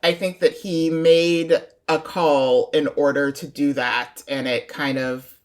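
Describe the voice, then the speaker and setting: A woman with a notably low-pitched voice talks as a podcast guest. She lays out her opinions casually, speculating freely and chuckling along the way. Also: fairly even intonation, slow pace. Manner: opinionated, speculative, laughs while telling. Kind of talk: casual chat.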